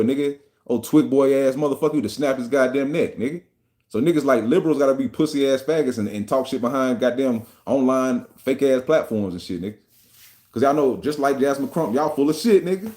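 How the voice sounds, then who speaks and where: A man hosting a podcast, firing off a rapid, heated, profane rant. His delivery is combative and mocking, with a pitch that sits in the middle range for a man. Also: darkish tone. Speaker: podcast host.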